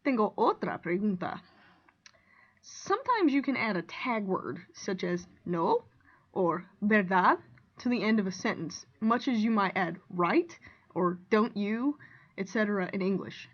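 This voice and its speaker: A woman's voice: mid-range voice, expressive. Woman teacher explaining, slightly lo-fi. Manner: clear, deliberate explaining with example sentences read aloud. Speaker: Spanish teacher. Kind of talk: recorded classroom lesson.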